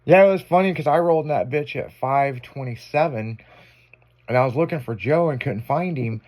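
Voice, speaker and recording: A man telling a story on a casual afternoon radio show. His pitch sits in the middle range. He swears freely, keeps the talk loose, and acts out what other people said. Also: fairly quick. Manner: profane, animated storytelling with acted quotes.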